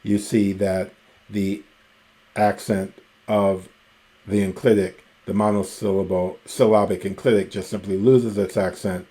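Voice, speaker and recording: Male teacher, deep voice, unhurried and methodical, lecture delivery with frequent pauses. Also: warm tone. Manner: slow, methodical, pausing often with ums. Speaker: Greek teacher. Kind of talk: recorded grammar lecture.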